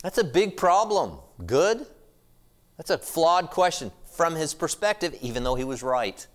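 A man's voice: fairly high pitch, big pitch swings, a little slow. A middle-aged American man, a pastor preaching a sermon in a conversational, storytelling way. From United States.

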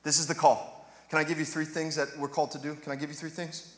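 A man's voice: a little high, level tone, fast talker. A man preaching a sermon in a church, conversational and joking, then rising to passionate emphasis. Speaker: pastor. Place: church sanctuary. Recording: echoey hall reverb.

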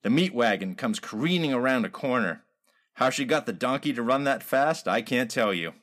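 A man reading a comic detective story aloud in a wry, deadpan hard-boiled manner. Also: mid-range voice, normal speed.

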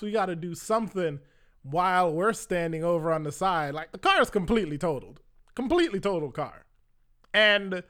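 A man's voice: high voice, a bit bright. Casual young man telling a story. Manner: conversational, lots of "like" fillers, acts out quoted voices.

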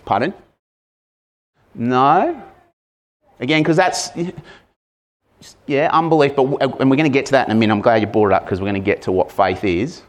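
Guy preaching to a congregation, chatty, throws questions at the crowd, bursts loud sometimes. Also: mid-range voice, normal speed, pauses often. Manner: conversational, asks the congregation questions; acts out shouted lines with sudden loud bursts. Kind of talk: sermon.

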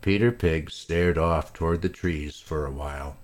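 A man reading a children's storybook aloud, slow and lively, with voices for each character. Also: rumbling low. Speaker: narrator.

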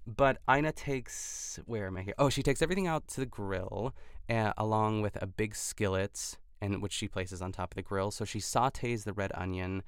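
A man with a low voice talks over a close, dry podcast mic. His tone is smooth but gravelly, with frequent fry. He chats casually, packing his sentences with "like" and restarts. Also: moderate pace, no room sound. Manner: chatty, lots of "like" fillers and restarts. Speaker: podcast host. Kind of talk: casual recap chat.

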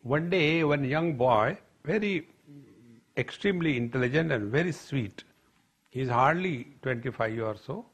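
A man's voice: medium pitch, expressive, measured pace, husky. A man giving a spiritual discourse as a teacher, telling stories in a playful way and often addressing the audience as friends.

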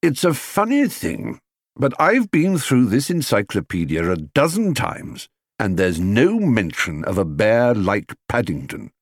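A man's voice: on the low side, wildly swooping pitch, unhurried, breathy edge, no echo, clean studio sound, exaggerated voice. A man voicing an earnest middle-aged father in an audiobook reading, a little vague and hasty in manner. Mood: musing.

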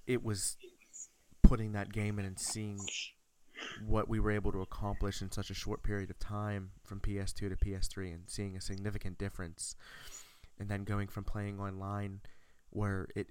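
A young man chats into the mic for his podcast, telling a long story with eager, rambling energy. His voice is low and smooth. The sound is dry and close. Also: no echo. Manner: enthusiastic, rambling with restarts. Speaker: podcast host. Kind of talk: casual storytelling chat.

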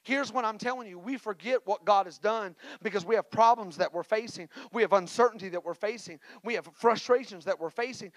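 A male pastor, preaching a sermon with a personal story and energetic call-and-response exhortations. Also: sits high, a little fast, hardly any pauses, no room sound, rough recording. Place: church.

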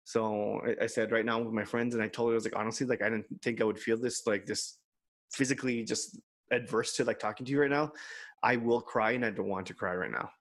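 A man's voice: lowish voice, fairly even intonation, fast. Man telling a personal story. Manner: candid storytelling, quotes others in his own voice. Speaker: podcast co-host. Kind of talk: casual chat.

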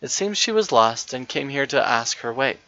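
Gentle storybook wife, a man reading her plainly, bright, close and dry. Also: mid-range voice, animated, moderate pace, no room sound. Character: kind gentle country wife. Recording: dull, lo-fi dry recording.

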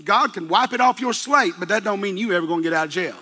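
Bright-voiced preacher man, folksy. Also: high voice, animated, fast. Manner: folksy storytelling with colloquial asides. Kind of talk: sermon.

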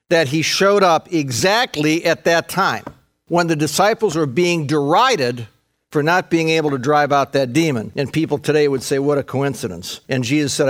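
A male pastor preaching a sermon, retelling a Bible passage and acting out the voices of its people with dramatic rises. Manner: dramatic, acts out scripture quotes with big pitch jumps.

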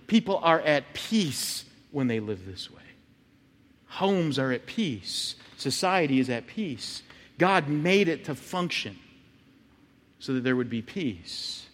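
A man's voice: fairly high pitch, big-room sound. A male pastor giving a sermon in a conversational way, often checking in with "right?". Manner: conversational, frequent "right?" asides.

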